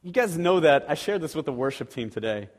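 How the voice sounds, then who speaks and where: Pastor, male, a bit high-pitched; chatty sermon full of rhetorical questions; long hall reverb. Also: very animated, brisk. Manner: conversational, asks the audience rhetorical questions; acts out quoted voices animatedly.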